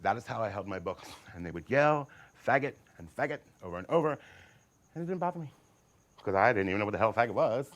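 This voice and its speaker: A man's voice: fairly low pitch, expressive, quick pace, dull audio. A man telling a comic personal story in a theatrical, campy way, acting out other people's voices with sassy asides. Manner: theatrical, acts out voices with big swings.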